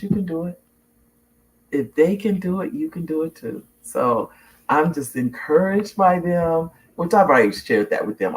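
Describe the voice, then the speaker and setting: Animated middle-aged woman host. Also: sits low. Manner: animated storyteller, laughs often, restarts sentences. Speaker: talk show host. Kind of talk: casual chat reading viewer comments.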